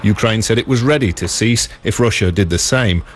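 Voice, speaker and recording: A man's voice: lowish voice, a little fast, slight background noise. A male correspondent reading a scripted news report from the field. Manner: steady reporting.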